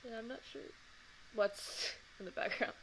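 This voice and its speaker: A woman's voice: on the high side, normal speed, gravelly, background noise. A young woman hosting a read-aloud of a children's book, adding chatty asides. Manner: chatty asides between reading.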